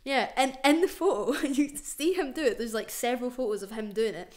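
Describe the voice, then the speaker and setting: A woman's voice: fairly high pitch, a little fast. A young Scottish woman hosting a podcast, telling stories with lots of swearing and fillers. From Scotland. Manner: animated storytelling, lots of swearing and "like". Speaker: podcast host. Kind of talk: casual chat.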